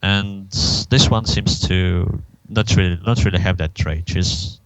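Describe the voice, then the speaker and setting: A man with a very deep voice and a gravelly edge, co-hosting a casual podcast. He talks in a measured way, thinking aloud as he goes. The recording is dry and close. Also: steady tone, dry recording, low-quality recording. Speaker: podcast co-host.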